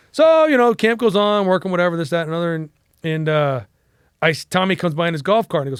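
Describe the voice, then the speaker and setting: A middle-aged man from the United States, a podcast guest telling stories casually, animated and profane, acting out the people he quotes. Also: high-pitched, fast talker, clear, resonant tone, dry recording, clean studio sound. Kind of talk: casual storytelling interview.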